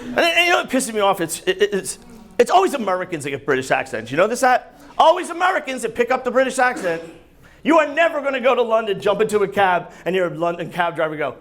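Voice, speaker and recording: A man's voice: high-pitched, sing-song, fast talker, a bit bright. A man doing a stand-up comedy set on a club stage, profane and exasperated, delivering punchy bits. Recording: live club with audience laughter.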